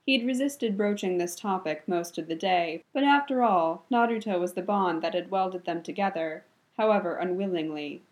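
A woman narrating a story in an even, measured reading voice. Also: fairly low pitch.

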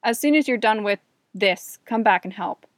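A woman's voice: medium pitch, normal speed, no room sound, clean studio sound, natural voice. A woman voicing a crabby, sardonic middle-aged male boss in a read-aloud story. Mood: gruff. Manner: gruff, sardonic.

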